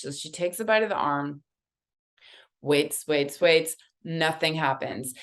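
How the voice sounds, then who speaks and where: A woman, a guest artist, telling a lively story while reading oracle cards, with a casual, conversational manner and frequent fillers. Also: sits low, slow pace. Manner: animated, conversational, many fillers.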